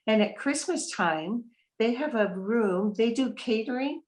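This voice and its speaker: Speaking at a measured pace, a middle-aged woman with an expressive, darkish voice on the high side shares her family's experience as a resident's relative. Her heartfelt interview testimonial includes fillers and restarts, captured on a low-quality recording.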